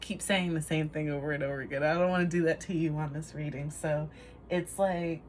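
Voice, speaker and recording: A woman's voice: low voice, steady tone, fairly quick, a little hiss or hum. A woman giving a casual tarot reading to camera, rambling, trailing off and laughing at herself. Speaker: tarot reader.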